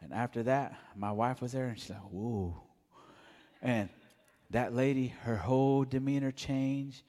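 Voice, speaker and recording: A man giving a mellow, soft-spoken personal testimony at church. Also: medium pitch, a little slow, in a large hall. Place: church sanctuary.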